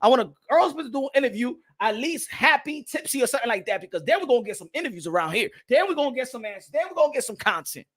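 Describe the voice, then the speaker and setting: A man hosting a boxing channel, ranting to camera in a loud, repetitive, trash-talking way and keeps asking "huh?". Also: very high voice, sing-song, racing, hardly any pauses. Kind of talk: casual rant to camera.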